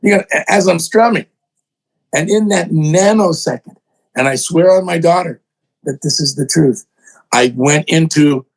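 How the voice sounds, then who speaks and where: Excitable older man telling stories, higher voice. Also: moderate pace, low-quality recording. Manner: excitable, acts out voices in quotes, self-mocking. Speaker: guest, songwriter and producer. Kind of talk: animated storytelling in an interview.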